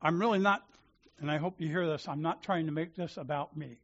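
A church elder preaching in an animated storytelling way, acting out each exchange and chuckling along. His voice sits a little high for a man, with lively jumps in loudness. The sound is muffled and lo-fi. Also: a little fast. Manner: animated, acts out dialogue, chuckles. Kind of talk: sermon storytelling. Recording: dull lo-fi sound.

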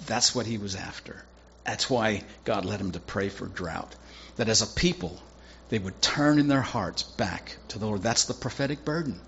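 Animated low-voiced male preacher. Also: dull audio, a little hiss or hum. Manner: acts out characters' lines in quick animated voices. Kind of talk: sermon retelling a Bible story.

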